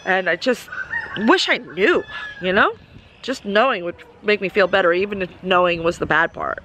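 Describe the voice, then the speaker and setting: A woman's voice: medium pitch, expressive, moderate pace, bright, forceful tone, slight background noise. A woman with a Southern American accent talking casually to camera outdoors on her homestead, musing worriedly and cooing to her goats. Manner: worried and musing, then doting baby talk to goats. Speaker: homesteading vlogger. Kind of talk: casual vlog talk to camera and animals. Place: outdoors on a farm with animals. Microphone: camera mic on a tripod.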